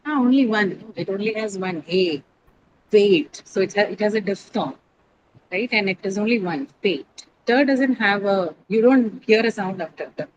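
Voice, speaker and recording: A woman teacher leading an English pronunciation lesson, patiently repeating each word slowly for her students. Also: mid-range voice, animated, highs cut off, a little hiss or hum. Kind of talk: classroom lesson on syllables and stress.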